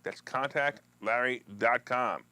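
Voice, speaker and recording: A man's voice: slow, pushed and bright, dry recording. A man hosting a live finance and politics talk show, chatting loosely with viewers and joking, with restarts and asides. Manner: mocks opponents in a whiny high voice. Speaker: host of a stock market talk show.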